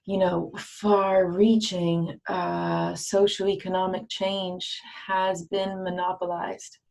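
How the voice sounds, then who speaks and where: A woman from Brooklyn, a guest on a video chat, speaking in a deliberate and earnest way. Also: lowish voice, flat delivery, gravelly, darkish tone, rough recording.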